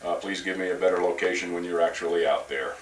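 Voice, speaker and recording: A man acting as net control on an amateur radio net, polite and measured, with frequent hesitations. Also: sits low, fairly even intonation, slight background noise. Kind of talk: procedural radio net talk. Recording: echoey room, camcorder from far off.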